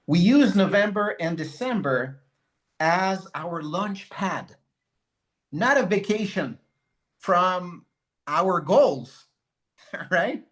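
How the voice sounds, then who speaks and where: A man who leads in network marketing, telling a motivational story and acting out the conversations in it. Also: high-pitched. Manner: animated, acts out conversations.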